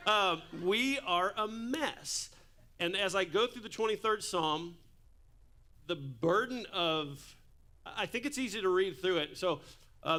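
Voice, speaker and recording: A man preaches a relaxed, humorous sermon, full of asides and stories. His voice sits high and rings bright and clear. He is in a church. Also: unhurried. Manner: casual, jokey preaching with asides. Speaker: pastor.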